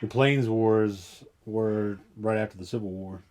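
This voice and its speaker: A man's voice: fairly low pitch, steady tone, measured pace, darkish tone, a little hiss or hum. A man co-hosting a movie reaction, chatting casually and profanely, explaining history offhand. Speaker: reaction channel co-host.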